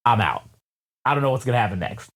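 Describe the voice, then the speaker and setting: A man co-hosting a loose album review chat, his pitch swinging widely as he rambles through a story. He swears constantly, laughs often, and jumps into loud, high, yelled quotes of himself. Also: sing-song, fast. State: sweaty. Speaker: podcast co-host reviewing an album. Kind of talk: casual chat, animated storytelling.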